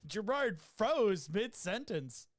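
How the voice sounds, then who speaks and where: A man's voice: high voice, dry recording. A man co-hosting a live podcast over a video call, chatting casually, laughing often and steering the talk. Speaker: podcast co-host.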